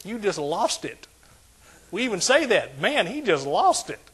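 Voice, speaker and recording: A male pastor delivers a sermon with a slightly raised pitch. His voice is husky and a little breathy. He talks straight to the congregation and often swells into loud exclamations. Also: sing-song, measured pace. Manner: preaching with call-and-response, rising to shouts.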